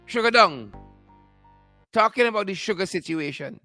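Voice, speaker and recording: A man's voice: high voice, expressive, moderate pace, bright, forceful tone, soft background music. A man hosting a political commentary show, mocking and repeating phrases for emphasis. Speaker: show host.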